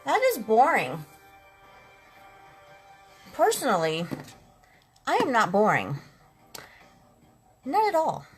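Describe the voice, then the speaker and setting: A woman's voice: fairly high pitch, huge pitch swings, slow, pauses often, rough recording. A talkative, sassy woman chatting with viewers during a makeup live stream, calling them girls and honey. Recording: faint music in the background. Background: eighties instrumental music.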